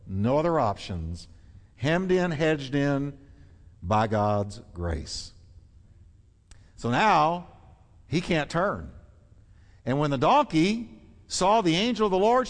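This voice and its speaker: Male pastor, lively sermon delivery, fairly high voice, long hall reverb. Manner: animated, swinging from loud exclamations to hushed earnest tones.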